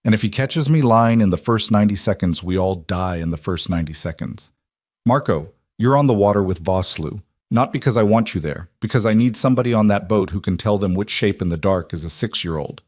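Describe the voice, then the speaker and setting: A man voicing a steely, decisive crime boss, giving firm, measured orders in an audiobook-style story. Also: on the low side, animated, darkish tone, dry recording, studio quality. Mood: commanding. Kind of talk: audiobook character voice.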